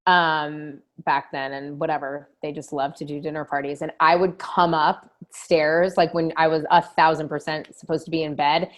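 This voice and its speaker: A woman in her thirties from San Francisco chats on a podcast. Her voice sits a little low. She rambles from story to story and swears freely. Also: flat delivery, normal speed, hardly any pauses. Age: 30s. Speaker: guest. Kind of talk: casual podcast chat.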